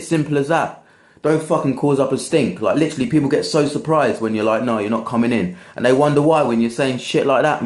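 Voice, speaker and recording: A young man vents about working event security in a blunt, sweary, repetitive way. His voice sits at an ordinary middle pitch. The room around him is noticeably echoey. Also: a little mellow. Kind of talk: ranting vlog monologue.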